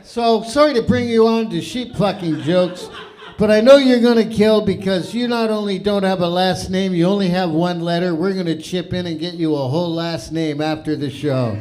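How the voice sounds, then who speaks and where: Older man, Canadian accent, comedy host, high voice, profane, loud punchlines, club stage. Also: moderate pace, low-quality recording. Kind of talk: stand-up comedy hosting.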